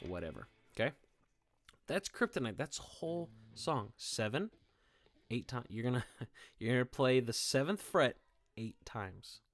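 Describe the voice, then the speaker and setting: A man's voice: mid-range voice, sing-song, measured pace, long pauses. A male music teacher giving a guitar lesson to his students. He keeps asking "okay?" and "all right?" and cheers them on. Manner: encouraging, checks in with "okay?" and "all right?" often. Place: indoors, playing guitar.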